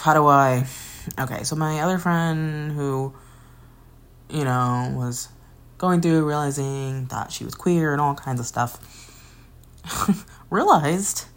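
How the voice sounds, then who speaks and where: A woman in her twenties hosting a podcast, telling a candid, rambling personal story into a phone with sighs, laughs and curses. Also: low-pitched. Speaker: podcast host.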